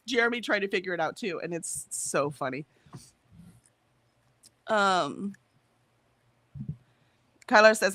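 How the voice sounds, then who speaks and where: A woman's voice: mid-range voice, pushed and bright, dry recording, studio quality. An American woman co-hosting a livestream in casual chat, reading out viewer comments and laughing often. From United States. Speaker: livestream co-host.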